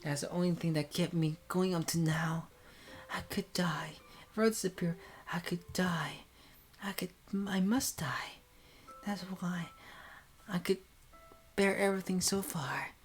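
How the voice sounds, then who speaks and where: A woman voicing an anguished, guilt-ridden young woman in a hushed, breathy whispered role-play. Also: fairly low pitch, unhurried, faint music behind, voice pushed up, lightly acted. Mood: despairing.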